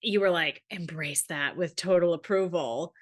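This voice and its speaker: A woman co-hosting a podcast in casual chat, animated and acting out little quoted voices as she tells stories. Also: fairly low pitch, moderate pace. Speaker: podcast co-host.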